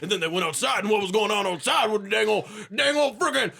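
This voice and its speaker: A man's voice: sits high, animated, fast, creaky, a crowd in the background, voice pushed up, full character voice. A man putting on a rowdy old rural man who tells a story in a folksy, hollering way.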